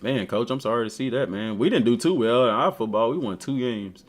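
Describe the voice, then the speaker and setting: A man's voice: medium pitch, fairly quick. A man chatting casually and trash-talking as a gaming streamer. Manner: animated, trash-talking, slangy. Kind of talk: casual chat while browsing a game.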